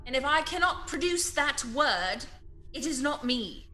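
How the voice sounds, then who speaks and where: A woman's voice: high voice, lively intonation, unhurried, sharp tone, pitched above the performer's own voice, exaggerated voice. A woman playing a stern, demanding female starship captain who interrogates and gives orders, with music behind. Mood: commanding. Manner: commanding, interrogating. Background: background music.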